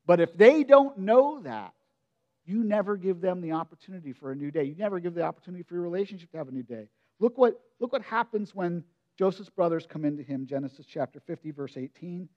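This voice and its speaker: High-voiced man preaching conversationally. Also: fast talker, highs cut off. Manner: conversational, expressive preaching with direct questions to listeners. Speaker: pastor. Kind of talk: sermon.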